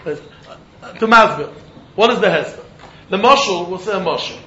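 A man teaching a Talmud lesson, animated, often repeating words as he thinks and breaking into laughs. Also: high-pitched, moderate pace. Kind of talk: Talmud study lecture. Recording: roomy, muffled recording with faint background noise.

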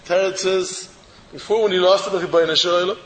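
Male rabbi, high-pitched, lively repetitive sermon delivery; recorded in an echoey hall. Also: quick pace, a little hiss or hum. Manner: animated, repeats phrases for emphasis. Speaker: rabbi giving a Torah talk. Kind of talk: storytelling sermon. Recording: echoey hall with long reverb.

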